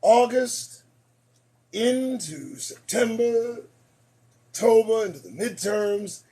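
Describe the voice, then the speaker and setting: A man hosting late-night commentary speaks slowly and in an animated way, his high voice wearing out. He hammers his points preachily, repeats lines for effect, and swings from shouting to muttering.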